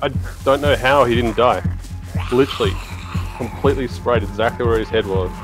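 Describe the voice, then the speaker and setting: A man's voice: mid-range voice, a little fast, music in the background. A man chatting as a teammate during a game, giving laid-back, matter-of-fact callouts. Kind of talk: casual gaming chat.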